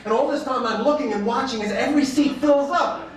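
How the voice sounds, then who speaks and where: Man, high voice, wry comic storyteller, recorded far off in a very echoey room. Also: fairly quick, a little hiss or hum. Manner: wry, animated storytelling with mock quotes. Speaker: speaker. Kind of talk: stand-up style speech.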